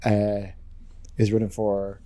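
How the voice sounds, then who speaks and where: A man with a mellow, darker tone talks eagerly in casual podcast chat. He swears freely and strings his thoughts together with fillers. The recording is dry and close to the mic. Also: lowish voice, completely flat delivery, takes it slowly, no echo. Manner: enthusiastic, sweary, filler-heavy. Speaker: podcast co-host.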